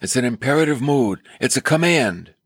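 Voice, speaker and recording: A man preaching a sermon on scripture, emphatic, with dramatic swings in his pitch. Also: expressive, moderate pace, husky, no room sound, studio quality.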